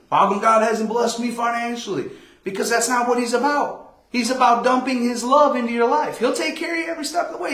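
A man pastor giving a conversational Bible study sermon, telling stories with animated quoted voices. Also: sits high. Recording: echoey room.

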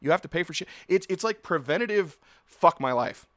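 A man's voice: a little high, lively intonation, brisk, fairly bright tone, no echo, studio quality. A man in his thirties hosting a solo podcast, ranting bluntly and swearing casually. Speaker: podcast host.

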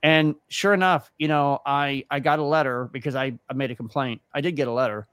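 A man's voice: medium pitch, a little fast, clean tone, no echo, clean studio sound. A man co-hosting a podcast, telling a story in casual chat and acting out the other people's lines. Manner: animated, acts out quoted dialogue. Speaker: podcast co-host.

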